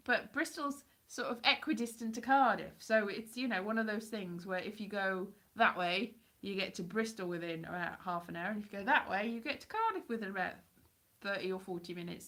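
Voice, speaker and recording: A woman's voice: mid-range voice, lively intonation, normal speed, fairly bright tone. Chatty Welsh woman live streamer, wanders off topic and mocks herself, faded accent. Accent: Welsh mixed with English Midlands. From Wales. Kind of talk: rambling casual chat.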